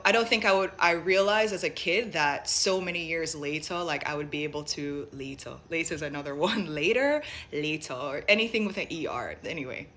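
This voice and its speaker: A woman's voice: fairly low pitch, fairly bright tone, a little hiss or hum. Reflective woman with a light Jamaican accent. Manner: reflective, rambling with fillers. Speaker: vlogger. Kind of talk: casual personal talk to camera.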